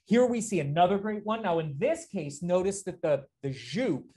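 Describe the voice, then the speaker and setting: A fashion history lecturer teaches a live class from slides, his high-pitched, dark-toned voice sing-song at normal speed. He's enthusiastic, keeps pointing things out with "notice" and checking in with "right?", and answers student questions conversationally.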